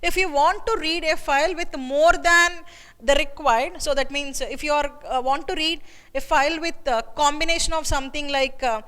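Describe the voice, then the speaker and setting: A woman walks through a coding lesson step by step, repeating herself often. Her voice sits high, and the recording has a long, ringing reverb around it. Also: moderate pace, a bit bright. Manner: repetitive, explains step by step with filler "okay" and "see here". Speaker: programming teacher.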